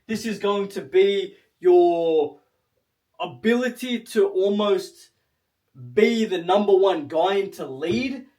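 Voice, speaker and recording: A man with a noticeably high-pitched voice gives a forceful self-improvement talk to camera. He speaks bluntly and emphatically, swears freely, and keeps checking in with a quick "right?".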